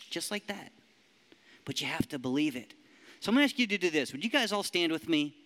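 A man preaching a sermon as pastor, lively and emphatic, leading the room in declarations. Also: a little high, clear, resonant tone. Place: church hall. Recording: long hall reverb.

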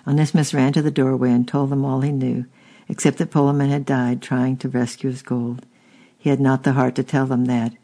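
A man narrating a historical story aloud in a steady reading, now and then stumbling and repeating a word. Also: medium pitch, brisk. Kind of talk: audiobook reading.

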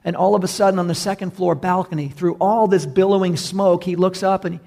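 Gravelly, earnest preacher man. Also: high voice, steady tone, a little fast, few pauses, mellow. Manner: earnest, building emphasis with repeated phrases. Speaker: pastor. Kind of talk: sermon.

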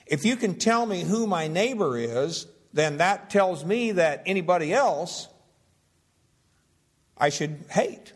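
A man preaching a Bible study sermon, reading old-fashioned scripture slowly and deliberately, then explaining it in a measured teaching voice. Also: sits high, expressive. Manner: reads King James scripture slowly and deliberately; measured teaching delivery with fillers and restarts.

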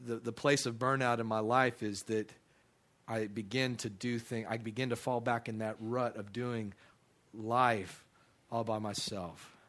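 A middle-aged man, a pastor, preaching a sermon through a personal story. He tells it as an animated storyteller with many restarts and brief voiced quotes of others. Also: mid-range voice, measured pace.

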